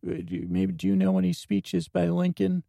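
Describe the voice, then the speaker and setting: A man's voice: high-pitched, flat delivery, a little fast, gravelly, dark tone, no room sound, studio quality, voice pushed up. A man voicing a goofy, eager grown man with a folksy, chirpy manner in an improvised comedy scene. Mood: giddy. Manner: folksy, chirpy, says buckaroos and bucko.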